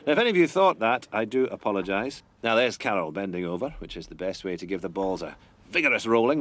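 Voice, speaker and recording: Flustered sports commentator. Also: male voice, on the low side, slight background noise. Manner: stuffy, flustered, apologetic. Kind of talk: comic mock sports commentary.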